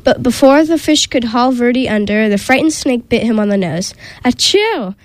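A woman hosting a community radio show and reading a children's picture book aloud, with gentle delivery and small slips and restarts. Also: fairly high pitch, animated, moderate pace, no echo, rough recording.

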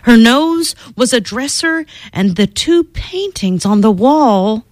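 A woman reading a children's storybook aloud, her fairly high voice lilting widely up and down. She takes her time over each phrase, recorded close and dry. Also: expressive, slow, no echo.

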